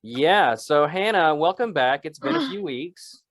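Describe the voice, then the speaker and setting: A man cracking jokes on a comedy podcast, talking in loose rambling runs. His pitch leaps up and drops away as he riffs. The sound is close and dry, with no room behind it. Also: very animated, measured pace, a bit bright, dry recording. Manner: rambling, jokey, shifts pitch a lot. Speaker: podcast co-host. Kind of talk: improvised comedy podcast banter.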